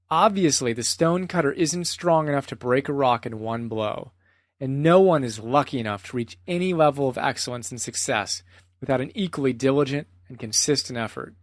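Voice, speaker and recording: A man's voice: medium pitch, dry recording, studio quality. A man presenting a spoken book summary in an earnest, conversational way, often reading out quotes.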